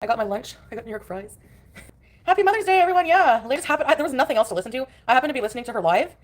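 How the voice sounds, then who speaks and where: A woman streamer talks at a rapid clip in a fairly high voice as she rants. She sounds angry, profane and cutting, speaking from her couch at home. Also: expressive. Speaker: livestreamer. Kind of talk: ranting livestream commentary.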